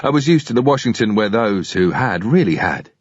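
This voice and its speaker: Husky low-voiced male thriller narrator. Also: big pitch swings, brisk, dry recording, lo-fi sound. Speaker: audiobook reader. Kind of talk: first-person thriller narration.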